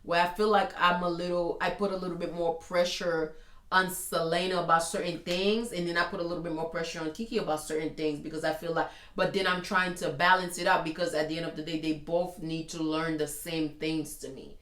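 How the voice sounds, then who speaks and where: A woman co-hosting a casual talk show, a mother who tells stories animatedly and laughs often. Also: a little fast. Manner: animated storyteller, laughs often, jumps into high pitch. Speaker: podcast co-host, mother. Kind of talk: casual chat. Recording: echoey room with faint noise.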